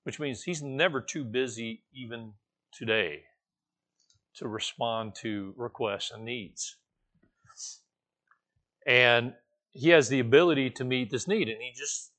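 A man's voice: medium pitch, slow pace, long pauses, fairly bright tone. A man preaching a conversational sermon, correcting himself as he goes and rising now and then to emphatic, raised passages. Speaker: pastor.

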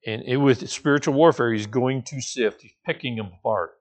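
A male pastor gives an informal, animated sermon while teaching a Bible study, keeping it conversational with playful asides and light laughs. He has a mid-range voice and talks at normal speed.

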